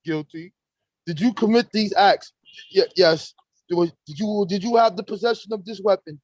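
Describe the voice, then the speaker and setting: A man hosting a live stream, talking in animated, profane street slang and acting out courtroom exchanges. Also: high-pitched, normal speed, no room sound, poor audio. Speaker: host. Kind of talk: casual live-stream chat.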